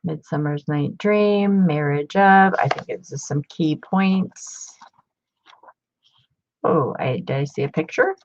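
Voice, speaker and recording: A woman in her fifties, chatty and excitable, showing off old books in a casual vlog. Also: low voice, slow pace. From Ohio. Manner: chatty, excitable, muttering asides. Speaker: book collector vlogger. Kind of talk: casual show-and-tell. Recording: dull lo-fi home recording.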